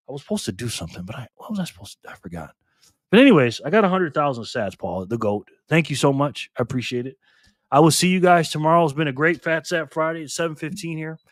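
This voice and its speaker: A man's voice: medium pitch, fast, dry recording, clean studio sound. Laughing tired man hosting a livestream. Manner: laughs often, reads chat aloud. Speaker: livestream host. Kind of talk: casual livestream chat.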